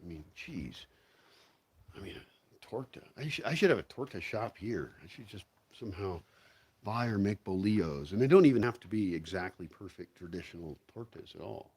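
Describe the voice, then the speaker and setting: A man's voice: deep voice, expressive, moderate pace, darkish tone, breathy edge. A man rambling casually through a vlog at home, swearing freely and walking around outdoors while he talks. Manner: rambling, profane, talks to himself and his dogs. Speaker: vlogger.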